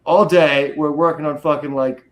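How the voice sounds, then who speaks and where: A man's voice: a little high, steady tone, normal speed, poor audio. A young man talking casually, swearing freely and rambling with energy. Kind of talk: casual chat.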